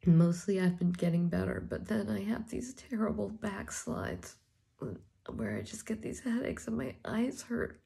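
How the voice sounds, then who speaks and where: A woman crying as she talks in a personal video diary, halting and often dropping to a whisper. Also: mid-range voice, very animated, creaky, dark tone. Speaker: vlogger.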